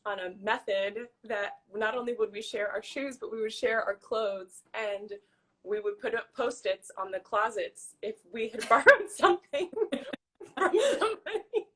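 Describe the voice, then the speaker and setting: A woman's voice: fairly high pitch, expressive, normal speed, bright, forceful tone. A woman hosting a casual video chat with an old friend, exclaiming and laughing readily. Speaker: host.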